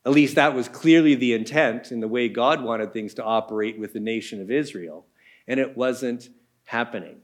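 A man's voice: medium pitch, moderate pace. A man preaching a sermon, explaining scripture in a conversational teaching manner with casual asides. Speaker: pastor.

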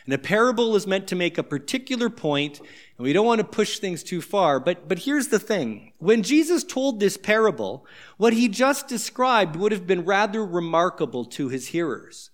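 High-voiced conversational male preacher. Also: sing-song, moderate pace. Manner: conversational, explanatory, acts out scenes. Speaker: pastor. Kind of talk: sermon.

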